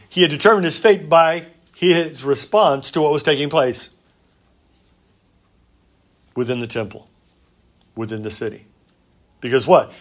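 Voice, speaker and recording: A man preaching a sermon in a conversational way, rising for emphasis and dropping to soft asides. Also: medium pitch. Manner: conversational, many fillers and restarts. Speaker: pastor.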